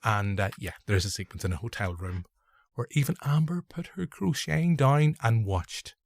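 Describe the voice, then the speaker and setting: A man's voice: medium pitch, animated, moderate pace, gravelly, a little mellow, no echo, studio quality. A man with a Northern Irish accent hosting a casual film review podcast, rambling and joking at his own expense. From Northern Ireland. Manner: rambling, jokey, self-deprecating. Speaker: podcast host.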